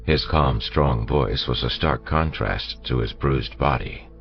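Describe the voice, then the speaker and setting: A man narrating an audiobook in a steady storytelling manner, on a dull lo-fi recording with faint music. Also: very deep voice, slow pace, gravelly. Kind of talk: scripted narration.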